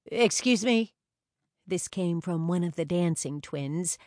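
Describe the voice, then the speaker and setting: A woman reads scripted audiobook narration in a lowish voice, keeping a steady, measured storytelling pace. The studio recording is clean, without any echo.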